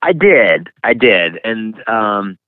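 Deep-voiced man on a tinny line. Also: very animated, no room sound. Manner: frank and reflective, pauses often. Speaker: author and guest. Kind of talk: candid interview conversation. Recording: tinny phone-like line, dry.

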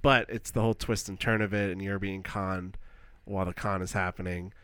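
A man's voice: low-pitched, fairly even intonation, brisk, a bit bright, clean tone, no room sound. A man co-hosting a podcast in casual chat, rambling with lots of fillers and acting out his reactions. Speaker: podcast co-host.

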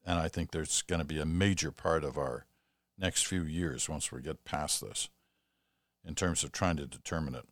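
A man's voice: a bass voice, moderate pace, a bit bright, no room sound, clean studio sound. A Canadian man hosting a podcast, reading listener mail aloud and adding chatty asides as he thinks aloud. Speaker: podcast host.

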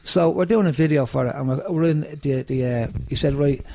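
A man's voice: on the high side, a little fast, creaky. A man with a Dublin accent talking casually in an interview, telling stories with plenty of swearing and heat. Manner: sweary, animated storytelling. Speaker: rock singer, guest.

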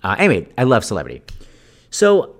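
A man in his fifties hosts a podcast with a lively voice that swoops up and down. He tells chatty, anecdotal stories. He acts out the people he quotes with big exclamations. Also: mid-range voice, brisk. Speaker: podcast host.

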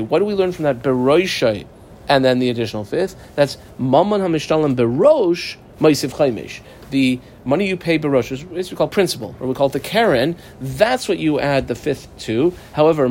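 A man's voice: on the high side, darkish tone, slight background noise. A man teaching a small Talmud class, reading the Aramaic text, translating it phrase by phrase, and asking and answering his own questions as he explains. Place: small study group.

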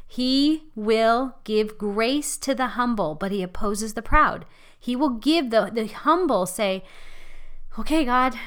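Impassioned woman preaching, fairly high voice. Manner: impassioned, conversational, quick swings between loud and hushed. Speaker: ministry leader. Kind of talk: sermon-style teaching.

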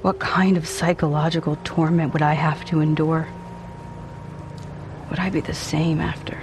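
A man narrating a dark first-person story in an intense, brooding, theatrical way. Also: a little high, level tone, moderate pace, noisy background.

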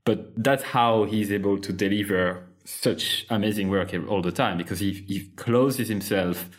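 A man with a French accent talks as a podcast host, his voice sitting a little low. He is frank and loose, restarting sentences and dropping casual swear words as he goes. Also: a little slow. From France. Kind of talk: casual conversation.

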